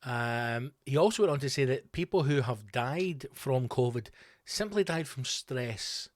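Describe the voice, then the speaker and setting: A man hosting a comedy podcast, telling a rambling story with sudden loud, incredulous outbursts. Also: mid-range voice, expressive, a little slow, no room sound. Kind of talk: comedic monologue.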